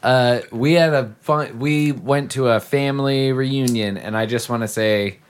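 A man co-hosting a casual podcast, talking loudly and teasing his co-hosts. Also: medium pitch, unhurried, a little hiss or hum. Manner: loud, animated and teasing. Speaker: podcast co-host.

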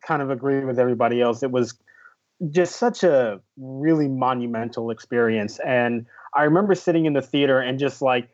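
A man's voice: medium pitch, fairly quick, a little mellow. Admiring man on dull lo-fi audio. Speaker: podcast panelist. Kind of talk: casual film review chat.

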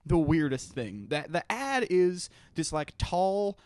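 A man's voice: on the high side, sing-song, takes it slowly, a little mellow, no room sound. A man co-hosting a podcast in casual chat, telling a story with animation and frequent laughter. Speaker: podcast co-host.

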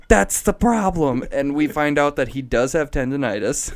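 A man's voice: fairly high pitch, dry recording. A man co-hosting a beer-tasting podcast, telling a rambling story and laughing often. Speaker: podcast co-host. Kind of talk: casual chat over beer tasting.

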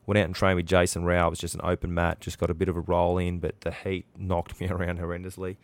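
A man's voice: deep voice, monotone, fast talker, dry recording. An Australian man hosting a podcast, telling a story in a chatty, rambling way with lots of fillers and restarts. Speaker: podcast host. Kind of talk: casual storytelling.

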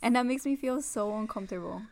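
A young woman co-hosting a podcast, talking in a relaxed, chatty way with a lot of "like" in a casual couple chat. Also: fairly high pitch, fast talker. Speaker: podcast co-host.

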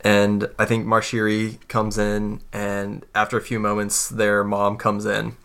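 A man's voice: fairly low pitch, completely flat delivery, measured pace, a bit bright, clean tone. A man narrating a tabletop game as game master, casual and full of fillers.

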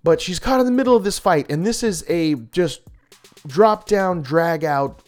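A man talking through his picks of the week as a comic reviewer, with a slightly higher voice than most men. He gushes eagerly, often stumbling and restarting mid-phrase. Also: unhurried, soft background music. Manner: animated, gushing, with many restarts and laughs. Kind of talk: enthusiastic casual review.

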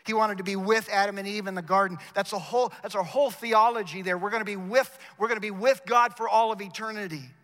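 A man's voice: sits high, fairly even intonation, quick pace, hardly any pauses, fairly bright tone. Male chapel preacher, ringing voice, emphatic and direct with the congregation, echoing hall. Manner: emphatic, repeats words, addresses the congregation directly. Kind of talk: sermon. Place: university chapel. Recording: long reverb of a large chapel.

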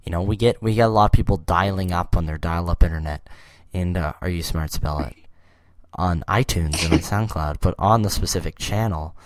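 A man's voice: low-pitched, a little fast, no room sound. A young man hosting a podcast, chatting casually and rambling with jokes and laughs. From Canada. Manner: rambling, jokey, laughs often. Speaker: podcast host.

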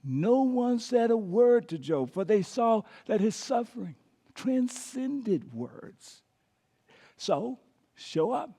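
A man's voice: extremely high pitch, big pitch swings, takes it slowly, breathy edge. A man preaching a sermon as pastor, emphatic, sometimes dropping to a whisper and having the listeners repeat after him. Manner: emphatic, dropping to quiet whispers on key words.

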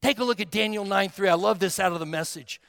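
A male pastor preaching a sermon, emphatic and dramatic, dropping to a hush and then rising to a shout. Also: high voice, quick pace, creaky, in a large hall. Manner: emphatic, swinging from hushed to shouting.

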